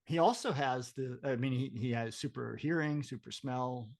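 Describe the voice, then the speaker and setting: A man's voice: mid-range voice, moderate pace, gravelly, a little mellow. A man co-hosting a podcast, chiming in with a laid-back, agreeing manner. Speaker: podcast co-host. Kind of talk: casual comic-book chat.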